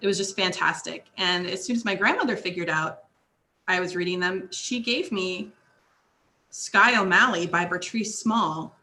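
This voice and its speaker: A woman's voice: fairly low pitch, unhurried, bright, forceful tone, soft background music. A middle-aged woman, a guest author, chatting casually in an interview and laughing often between thoughts.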